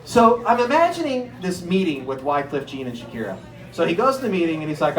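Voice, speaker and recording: A man doing an animated stand-up comedy set, telling stories with incredulous acted-out bits. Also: on the high side, a little fast, faint music behind. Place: comedy stage before a live audience. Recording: echoey room.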